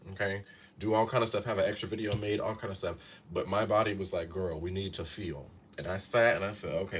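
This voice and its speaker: A man's voice: on the low side, a bit bright, slight background noise. Chatty man giving spiritual advice. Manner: chatty, keeps saying "okay?" and "y'all". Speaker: astrology and tarot reader. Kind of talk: casual live-stream advice talk.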